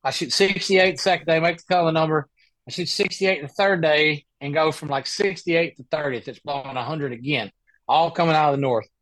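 A man who plays golf for a living, telling an animated, rambling story in a casual podcast interview on a close mic. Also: a little high, fairly quick, no room sound. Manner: animated, rambling anecdote with many restarts. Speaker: guest, professional golfer.

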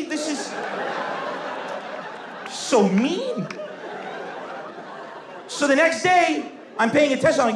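A man telling a stand-up comedy story, acting out voices and shouting his punchlines. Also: very high voice, moderate pace, long pauses. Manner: animated, acts out voices, laughing, shouting punchlines. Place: stage before a live audience. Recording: roomy venue with faint crowd and noise.

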